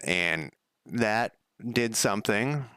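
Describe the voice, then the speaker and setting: A man's voice: lowish voice, animated, takes it slowly, pushed and bright, clear, resonant tone, no echo, clean studio sound. A middle-aged man giving casual, rambling commentary as he codes a game, talking to himself and laughing at his own slips. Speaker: game developer streaming his coding. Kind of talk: casual live coding commentary.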